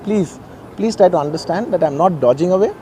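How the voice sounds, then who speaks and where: A man's voice: high-pitched, fairly quick, warm tone, a little hiss or hum, low-quality recording. A man in his forties with a Telugu-influenced Indian English accent, making an earnest, insistent statement to the press outdoors. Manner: earnest, repetitive, pleading insistence. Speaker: actor addressing the press. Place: outdoors in a garden.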